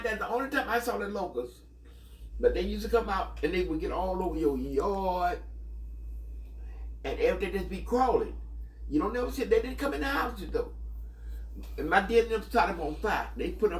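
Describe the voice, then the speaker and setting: Heard through a distant mic with plenty of reverb, a high-pitched man from the US South, Mississippi specifically, casually recalls his childhood. His stories ramble, run profane, and keep getting interrupted by his own laughter.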